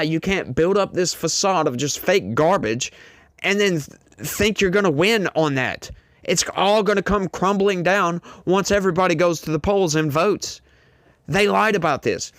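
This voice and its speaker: A man's voice: fairly high pitch, fairly bright tone, no room sound, studio quality. A man delivering indignant, emphatic political commentary and repeating his points to his audience.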